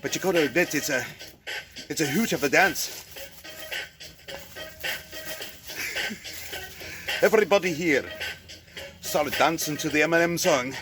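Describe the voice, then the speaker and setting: Guy joking around outdoors at a bar, kinda high voice, loud band playing behind him. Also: lively intonation, slow, long pauses, music in the background. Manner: rambling, self-mocking, jokey. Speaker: vlogger. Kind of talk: joking travel vlog to camera. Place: outdoor flea market bar. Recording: loud live band over the voice. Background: live band playing.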